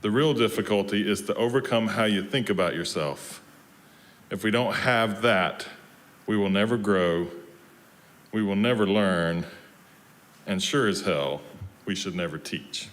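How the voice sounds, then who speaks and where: A man from Georgia in the US, a minister leading a children's story time in a service, who talks gently and keeps asking the children questions. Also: lowish voice, a little slow, pauses often. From Georgia, USA. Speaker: guest minister.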